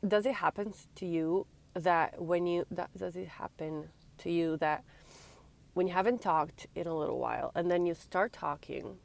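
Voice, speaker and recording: A woman's voice: fairly low pitch, moderate pace, creaky. A young woman from Italy rambling anxiously in a casual vlog, teary-eyed and often breaking off mid-sentence. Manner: rambling, self-interrupting, anxious. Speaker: vlogger.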